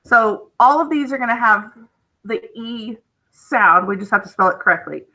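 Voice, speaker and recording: A woman's voice: fairly high pitch, expressive, fast talker, sharp tone, low-quality recording. A woman, teaching a recorded phonics lesson in a chatty, encouraging way and often checking in with "okay?".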